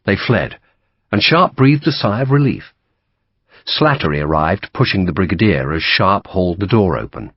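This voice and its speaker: Man, audiobook narration, lively storyteller, animated pitch, husky, dull dry sound. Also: normal speed, no room sound. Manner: lively storytelling, voices each character.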